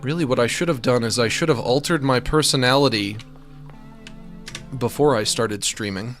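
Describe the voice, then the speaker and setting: A man chatting on a gaming stream, rambling in a goofy, animated way at a desk microphone. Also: mid-range voice, normal speed, soft background music. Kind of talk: casual gaming stream chat.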